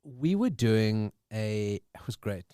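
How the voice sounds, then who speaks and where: A man co-hosting a casual podcast chat, reading movie quiz questions with lively delivery. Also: on the low side, takes it slowly, clear, resonant tone, no room sound, clean studio sound. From South Africa. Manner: animated, reads movie quotes aloud. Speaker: podcast co-host.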